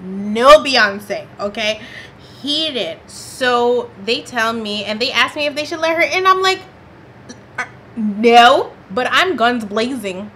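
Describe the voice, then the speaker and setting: A woman vlogger telling a personal story in a lively, dramatic storytime style, with casual slang. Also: on the high side, a little hiss or hum. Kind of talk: storytime vlog.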